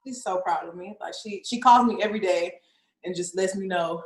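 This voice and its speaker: A woman's voice: mid-range voice, brisk. A young woman rapper, chatting in an interview, laughing often and saying "like" constantly. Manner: laughs often, fills speech with "like". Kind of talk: casual interview chat. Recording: roomy echo.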